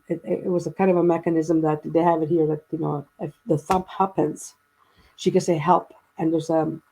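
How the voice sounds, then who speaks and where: A woman in her fifties talks through a family story in conversation. Her voice is mellow and a little husky. She rambles, restarts her sentences and acts out what people said. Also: sits low, low-quality recording. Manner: rambling, with many restarts and quoted dialogue. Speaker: guest.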